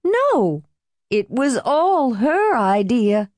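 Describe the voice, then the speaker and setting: A woman's voice: medium pitch, sing-song, a little slow, darkish tone, dry recording, voice pushed up. A woman voicing a prim, tightly wound middle-aged woman who is defensive and scolding, in an audiobook reading. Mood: shrill denial.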